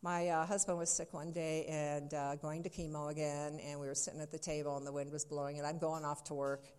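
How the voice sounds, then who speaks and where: A woman's voice: deep voice, flat delivery, fairly quick, a little mellow, clean tone. A woman from Wisconsin sharing her personal story with a group, candid and laughing at herself. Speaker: speaker sharing at a recovery meeting.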